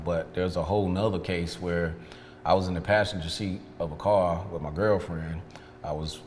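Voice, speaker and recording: His voice sitting low, a man who owns a detailing business recounts his past openly in an interview, acting out conversations through quotes. The recording has slight background noise, long reverb, and faint ambience.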